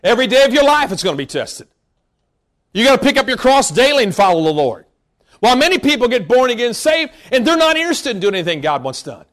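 Male preacher, very high voice, emphatic, scolding sermon, bursts into shouts. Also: sing-song, fast.

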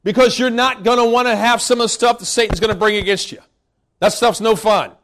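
A man preaching a sermon, emphatic and scolding, bursting into shouts and stretching words for emphasis. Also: very high voice, fairly even intonation, fairly quick.

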